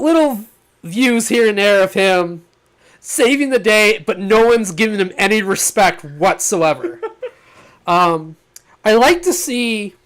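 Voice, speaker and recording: A man co-hosting a podcast in casual chat, animated and laughing often as he pitches ideas. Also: clean tone. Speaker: podcast co-host.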